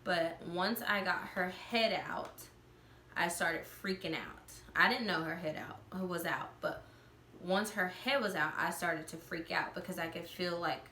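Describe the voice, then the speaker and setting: A woman's voice: fairly low pitch, pushed and bright, a little hiss or hum. A woman vlogger telling a personal story in a casual, chatty way, with lots of "like" fillers. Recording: roomy echo.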